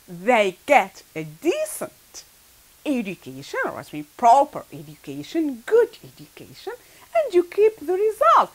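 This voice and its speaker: A woman's voice: high-pitched, huge pitch swings, unhurried, poor audio. A woman teaching an English grammar lesson to her pupils. She stresses key words, repeats them, and checks in often with "all right" and "okay.".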